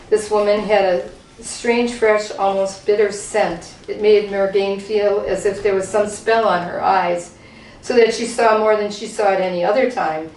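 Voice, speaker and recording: A woman reading a novel passage aloud to a group in a steady, unhurried way. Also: mid-range voice, a little hiss or hum. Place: lecture room. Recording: roomy hall, voice from far off.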